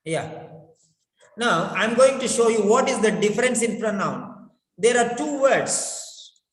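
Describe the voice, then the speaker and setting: A man teaching pronunciation, repeating words and phrases slowly to drill them. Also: high-pitched, expressive. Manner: repetitive, drills words over and over. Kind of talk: slow instructional lesson. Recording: echoey room with long reverb.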